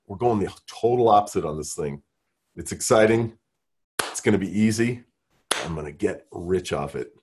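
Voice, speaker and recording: A man with a deep, husky voice runs an interactive workshop. He coaxes the group along with energy and keeps asking them questions. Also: animated, normal speed, darkish tone. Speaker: workshop leader.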